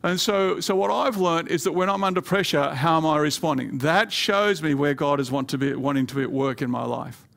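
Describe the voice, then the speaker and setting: Male pastor, sermon, gravelly tone, voice climbs high to press points. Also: fairly even intonation, a little fast, few pauses, fairly bright tone. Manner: rising pitch and volume when pressing a point, playful asides.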